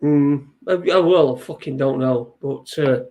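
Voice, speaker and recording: A man hosting a casual chat show, rambling and halting with lots of swearing. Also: medium pitch, warm tone. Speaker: host.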